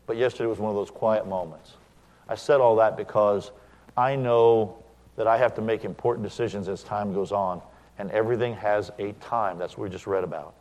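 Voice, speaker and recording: A middle-aged man, a pastor, preaching a sermon, animated when he acts out quoted dialogue and quiet when he reflects. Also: on the low side, brisk, big-room sound.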